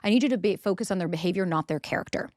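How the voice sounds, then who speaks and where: Fast-talking blunt woman podcast host. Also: fairly low pitch, a little mellow, dry recording, studio quality. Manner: blunt, frequent swearing, acts out quoted dialogue. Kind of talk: casual advice monologue.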